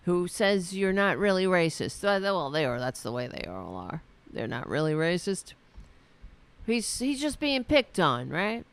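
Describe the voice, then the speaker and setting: Sarcastic, profane woman ranting slowly. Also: on the low side. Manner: animated, jumps between loud and soft. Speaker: political commentary host. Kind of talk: casual political rant.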